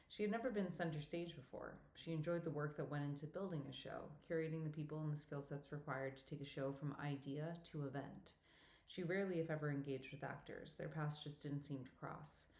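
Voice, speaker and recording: A woman reading a romantic comedy novel aloud as audiobook narrator, in a steady, even storytelling manner. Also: sits low. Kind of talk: scripted narration. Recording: roomy echo.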